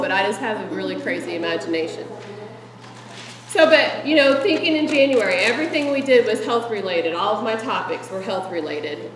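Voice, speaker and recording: A middle-aged woman presenting meeting ideas to fellow directors, chatty and animated and laughing often. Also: medium pitch. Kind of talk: casual presentation to a group. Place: meeting room with an audience. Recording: echoey room from a distant mic, audience audible.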